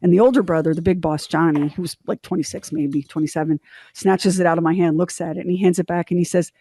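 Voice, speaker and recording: A middle-aged woman co-hosting a podcast, telling a story in candid, animated casual chat and acting out the quotes. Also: on the low side, quick pace, slightly rough, no room sound, studio quality. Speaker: podcast co-host.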